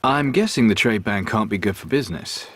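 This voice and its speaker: An actor playing a blunt, impatient pirate captain in a video game. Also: male voice, lowish voice, expressive, fairly quick. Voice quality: curt, dry-witted.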